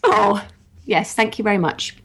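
A woman's voice: medium pitch, measured pace, slightly rough. A woman in her thirties co-hosting a podcast in casual chat, chatty and often laughing. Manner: chatty, giggly, animated. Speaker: podcast co-host.

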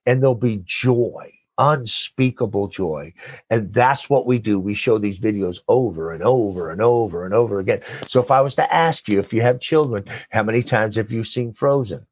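A man being interviewed as a guest, a nonprofit leader and coach, talking with animated, preacher-like enthusiasm and call-and-response. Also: fairly low pitch, normal speed, breathy edge, dry recording.

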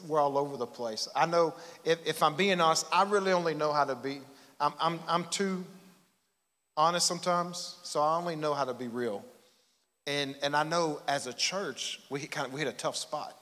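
A man's voice: a little high, normal speed, fairly bright tone. A man, preaching a sermon in a folksy, self-deprecating storytelling way. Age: 40s. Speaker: pastor. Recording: long hall reverb in church.

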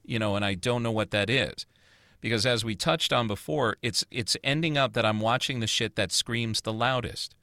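A man's voice: mid-range voice, normal speed, sharp tone, dry recording, clean studio sound. A man hosting a casual chat show, ranting about what to watch in a loose, profane way. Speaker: podcast host.

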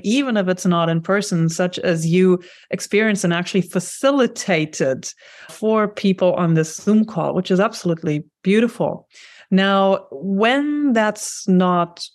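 A woman's voice: lowish voice, a little mellow. Thoughtful woman host asking questions. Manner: thoughtful, measured, summarizing. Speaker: podcast host. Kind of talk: interview questions.

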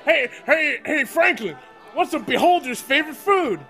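Sinister stage host voiced by a man, bright and over-cheery, for a tabletop game. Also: extremely high pitch, animated, normal speed, creaky, soft background music, pitched above the performer's own voice, heavily acted. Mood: chipper. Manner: overly cheery showman patter. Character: showy male ventriloquist, creepy cheer.

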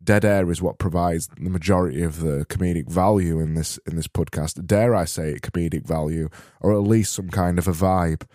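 Low, dark-voiced South Yorkshire man. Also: a little fast, hardly any pauses. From Barnsley, South Yorkshire. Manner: rambling, self-correcting, dry deadpan humor. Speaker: podcast host. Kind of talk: rambling solo podcast.

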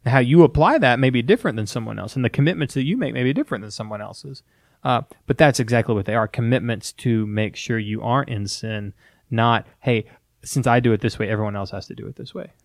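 A man's voice: medium pitch, fast, creaky, no echo, clean studio sound. Earnest conversational male pastor. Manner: earnest, conversational, animated quoting. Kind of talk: casual teaching discussion.

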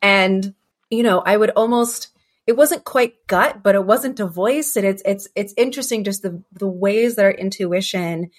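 A woman's voice: mid-range voice, normal speed. Woman host sharing personal reflections. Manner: reflective, personal, acts out inner voices. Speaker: podcast host. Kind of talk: casual podcast conversation.

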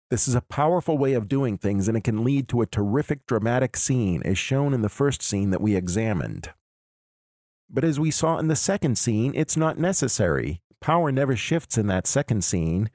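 A man hosting a podcast, giving a measured, analytical lecture. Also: mid-range voice, darkish tone, no echo, studio quality. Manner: measured, explanatory. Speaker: podcast host.

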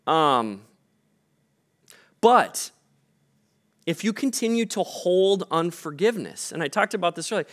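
A man's voice: sits high, expressive, a little slow, pauses often, a bit bright. A man, the pastor, preaching a sermon in a casual, conversational way with frequent fillers, recorded in a church.

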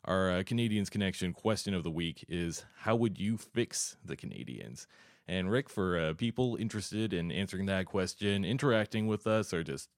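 A man hosting a sports podcast, chatting casually and warmly with many fillers. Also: low voice, fairly quick, few pauses, clean tone, no room sound, clean studio sound. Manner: friendly, chatty, with frequent uh fillers. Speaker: podcast host.

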